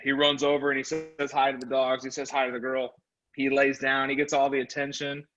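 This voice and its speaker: Energetic man telling sales-training stories. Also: mid-range voice, fairly quick, faint music behind. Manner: animated, energetic storytelling. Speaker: real estate sales trainer. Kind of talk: motivational training talk with anecdotes. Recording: slightly muffled recording.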